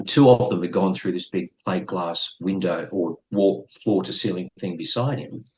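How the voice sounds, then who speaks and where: A middle-aged man with an Australian accent speaks in a fairly low register. He tells his story as an interview guest in a blunt, profane and lively way. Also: moderate pace, slight background noise, rough recording. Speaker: guest, former police officer.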